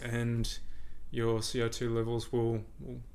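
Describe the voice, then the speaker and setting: A man, a podcast guest and breathing coach, explaining in a relaxed conversational way and often repeating words as he thinks. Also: mid-range voice, takes it slowly.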